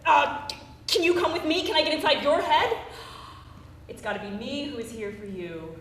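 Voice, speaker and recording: An actress on a theater stage playing a grieving, sharp-tongued woman who swears and turns sarcastic. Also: high voice, normal speed. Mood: defiant. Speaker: stage actor. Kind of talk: live stage drama. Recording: roomy stage sound from a distant mic.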